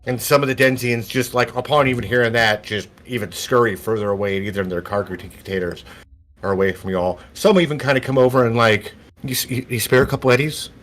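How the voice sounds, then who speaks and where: A man with a fairly low voice running a tabletop game as game master. He describes scenes at length in a loose, rambling style. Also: fast, fairly bright tone. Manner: descriptive, loose, full of "like" and "kinda".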